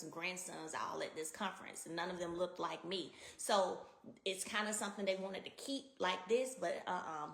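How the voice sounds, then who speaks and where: A woman's voice: fairly low pitch, creaky, reverberant. A woman, a business coach speaking in a chatty, emphatic way straight to her viewers. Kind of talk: casual motivational talk.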